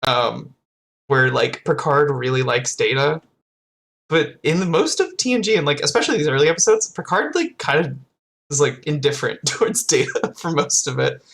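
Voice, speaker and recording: A young man co-hosts a casual podcast chat, with a gravelly texture to his slightly high voice. He talks in an animated way, slipping into quotes and laughing often. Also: moderate pace. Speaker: podcast co-host.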